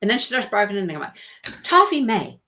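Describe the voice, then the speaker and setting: A woman's voice: mid-range voice, expressive, rapid-fire, a bit bright. A woman hosting a craft channel live stream, chatting casually and laughing often with exasperated asides.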